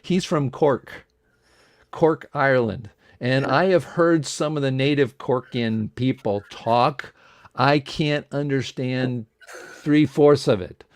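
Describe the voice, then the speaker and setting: A man hosts an online interview in a mid-pitched voice, rambling and restarting, with lots of "uh"s. The sound is dry and close, with no room echo. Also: slow pace. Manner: rambling, filler-heavy delivery. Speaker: host. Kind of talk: casual online interview hosting.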